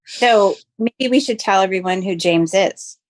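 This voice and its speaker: A woman's voice: medium pitch, a little slow. An American woman from Florida co-hosting a podcast, chatting animatedly and laughing often. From Florida, United States. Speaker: podcast co-host. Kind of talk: casual chat.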